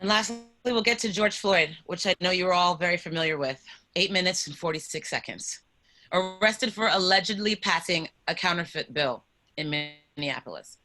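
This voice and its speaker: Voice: medium pitch, normal speed, sharp tone, faint music behind. A presenter on a video call, earnestly reading a timeline of events to an online group. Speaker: presenter on a panel.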